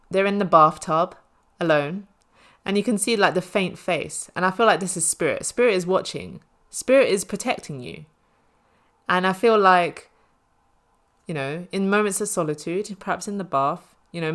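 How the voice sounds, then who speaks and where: A woman's voice: lowish voice, fairly bright tone. A woman giving a casual spoken tarot reading, chatty and reassuring, with many "you know" fillers. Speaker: tarot reader.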